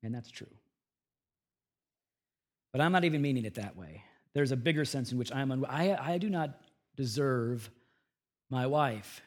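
A middle-aged man preaching a sermon as pastor of a church, shifting from hushed, earnest tones to loud, emphatic bursts. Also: mid-range voice, expressive, normal speed, pauses often.

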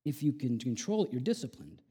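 A man preaching a sermon in a conversational way, full of rhetorical asides, dropping to hushed lines and rising to loud emphatic peaks. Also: medium pitch, very animated, fairly quick, husky. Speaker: pastor.

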